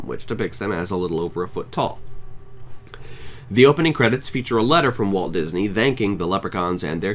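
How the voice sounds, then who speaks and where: A man with a low voice reads a scripted podcast review. His pitch swings widely as he talks, and his delivery is wry and enthusiastic. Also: slight background noise. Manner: wry, enthusiastic, lively intonation. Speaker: podcast host. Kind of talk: scripted film review monologue.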